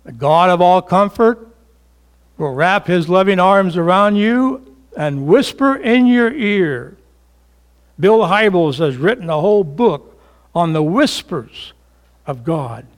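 An older male pastor delivering a sermon at an unhurried, measured pace. His voice sits a little higher than most men's. He builds to fervent, emphatic climaxes and then drops to soft, hushed phrases. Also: animated. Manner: slow and emphatic, rising to fervent peaks then dropping to hushed tones.

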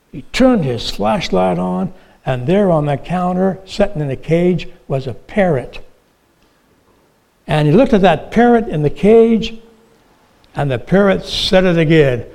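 A male pastor with a somewhat high voice delivers a sermon at an unhurried pace. He tells humorous stories, then drops to a hushed, earnest tone when he speaks about forgiveness.

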